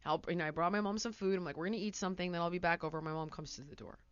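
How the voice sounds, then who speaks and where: A woman hosting a podcast, telling a story in casual chat, animated and acting out quotes loudly. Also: fairly low pitch, racing, no room sound, muffled recording. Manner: animated, breaks into laughter, acts out quotes loudly. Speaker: podcast host.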